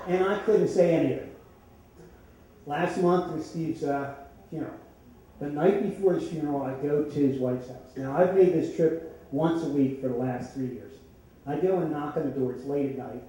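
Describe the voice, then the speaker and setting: An older man from the Philadelphia area telling a true story on stage at a story slam, conversational and wry with deadpan punchlines. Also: a little high, unhurried, pauses often. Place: stage in an echoey hall with an audience. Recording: echoey hall, distant mic, faint noise.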